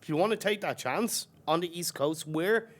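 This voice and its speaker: A fairly high-voiced man provides colour commentary for an esports match. He works through strategy in an analytical way, chatty and full of small fillers. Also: moderate pace, fairly bright tone. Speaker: esports co-caster.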